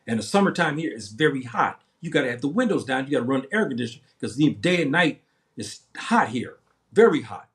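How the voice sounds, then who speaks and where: A man's voice: medium pitch, sing-song, a little fast, fairly bright tone. Heated seventy-year-old man ranting. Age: 70s. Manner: heated, repetitive, rambling with many restarts. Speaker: livestream host. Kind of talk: impassioned livestream monologue.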